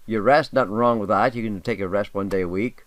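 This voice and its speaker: A man's voice: on the low side, a little fast, no echo. An older man, talking casually and emphatically as host, reading aloud with asides. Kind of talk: casual monologue.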